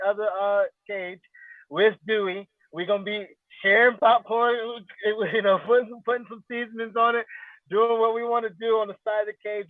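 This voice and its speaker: A man's voice: high voice, no room sound. A man, a guest fighter in a casual interview, talking confidently and rambling with lots of fillers. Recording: tinny phone-like line, dry.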